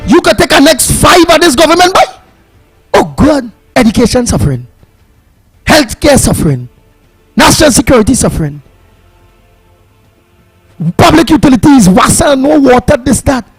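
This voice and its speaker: A man's voice: very high-pitched, sing-song, normal speed, long pauses, no room sound, soft background music, poor audio. A man with a Trinidadian accent hosting a call-in radio show, emphatic and fiery, repeating words and slipping into a sing-song. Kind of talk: animated call-in radio talk.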